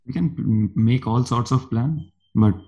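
A man's voice: medium pitch, measured pace, dark tone. Man on dull lo-fi audio. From India. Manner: hesitant, searching for words. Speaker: podcast host. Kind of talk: casual podcast conversation.

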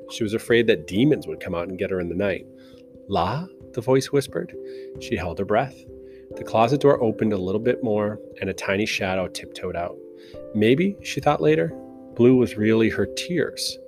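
A man reads a novel aloud as a narrator, in a slow, measured style. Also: lowish voice. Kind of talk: audiobook narration. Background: soft guitar music.

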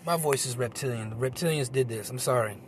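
A man's voice: mid-range voice, fast talker, slight background noise. A man, a comedian, talking in a rambling, profane, self-mocking monologue, recorded on a phone outdoors in a park.

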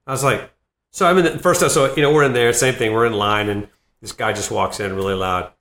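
Middle-aged man, from Boston, rambling anecdotes, gravelly, bright edge. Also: mid-range voice, steady tone, a little fast. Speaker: comedian guest. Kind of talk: casual podcast interview. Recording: roomy echo.

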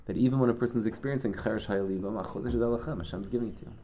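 A man with a low, dark voice gives a Torah class, retelling a Hasidic story. He speaks conversationally, with frequent restarts and Yiddish and Hebrew words woven through his sentences. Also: rapid-fire, a little hiss or hum. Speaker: Torah teacher.

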